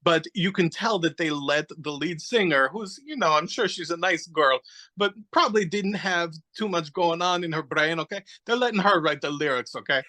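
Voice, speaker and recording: A man's voice: on the high side, normal speed, pushed and bright, poor audio. A man chatting casually on a podcast, rambling animatedly through a story, searching aloud for names and acting out little quotes. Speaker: podcast guest. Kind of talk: casual chat.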